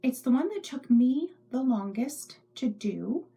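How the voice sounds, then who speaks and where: A woman's voice: sits high, expressive, measured pace, creaky, dark tone, slightly rough. A middle-aged woman hosting a knitting podcast from her home craft room, rambling chattily and often dropping into whispers. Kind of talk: casual show-and-tell chat.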